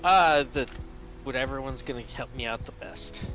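A man takes part in a tabletop role-playing game, chatting casually. His voice is bright and sits at an ordinary pitch. He drops dry jokes between his questions. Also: normal speed, faint music behind, low-quality recording. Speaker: player.

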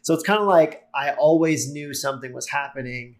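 A man's voice: on the high side, a little fast. Easygoing man guest telling stories. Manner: easygoing, many fillers like "like". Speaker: podcast guest. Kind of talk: casual conversational storytelling.

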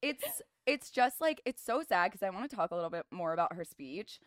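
A woman's voice: mid-range voice, sing-song, fairly quick, no echo, studio quality. A young woman co-hosting a podcast, talking casually and emphatically with loose slang. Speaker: podcast co-host. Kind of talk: casual recap chat.

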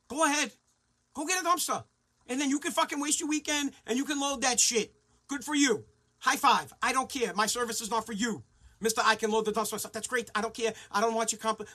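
Ranting, foul-mouthed high-voiced man. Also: sharp tone. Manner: angry, sarcastic, mocking callers in put-on voices. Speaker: talk show host. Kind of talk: profane rant.

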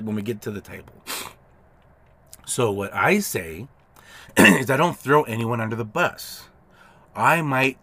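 A man's voice: medium pitch, fairly bright tone. A man hosting a solo podcast, explaining his work casually through examples and acted-out dialogue, often restarting his sentences. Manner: conversational, explains with repeated examples and quoted dialogue, frequent restarts. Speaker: podcast host, notary signing agent.

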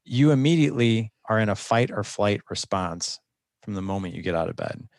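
A man's voice: fairly low pitch, animated, moderate pace, no room sound, studio quality. A man speaking as a guest coach in a conversational interview, earnest and instructive, often restarting his sentences.

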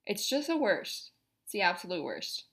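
A woman's voice: medium pitch, sing-song, normal speed, a bit bright. A young woman hosting a podcast, talking in a chatty, rambling, exasperated way about everyday annoyances. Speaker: podcast host. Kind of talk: casual monologue.

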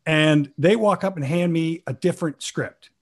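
Man, slightly high voice, animated storyteller, casual guest chat. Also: moderate pace. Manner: animated, acts out quoted lines with laughs; trained in improv comedy. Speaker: guest actor.

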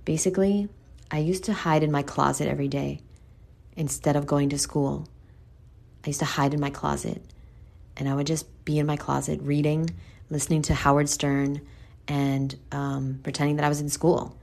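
A woman's voice: low-pitched, flat delivery, normal speed, vocal fry, darkish tone. A woman with a New York accent giving a candid, blunt monologue to her listeners, swearing freely and calling them boo.

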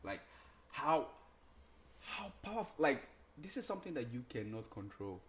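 Animated young man with lively pitch. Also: normal speed. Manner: echoes his partner's phrases, animated storytelling. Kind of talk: casual chat.

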